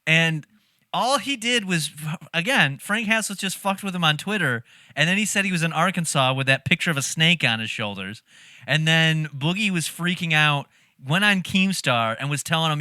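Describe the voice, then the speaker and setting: A man's voice: on the high side, a little fast, no room sound, clean studio sound. A man hosting a reaction video, talking casually with lots of laughter and swearing. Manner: animated, laughs often, swears freely.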